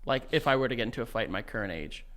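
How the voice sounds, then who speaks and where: A man's voice: medium pitch, lively intonation, racing, a bit bright. A man, telling stories in casual podcast chat and swearing freely. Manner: rambling storytelling, swears freely. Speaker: podcast co-host.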